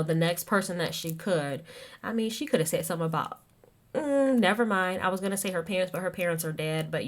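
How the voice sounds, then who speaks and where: A woman hosting a casual recap podcast, chatting to listeners and acting out quoted lines with big jumps in her voice. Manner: animated, acts out quotes with big pitch jumps. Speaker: podcast host recapping reality TV.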